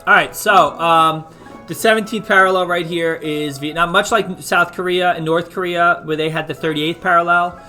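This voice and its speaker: A bright-voiced man teaching a casual online history lesson. He talks loosely, jokes and restarts his sentences, with faint background music. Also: on the high side, steady tone, normal speed. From United States. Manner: chatty, loose and joking, with restarts.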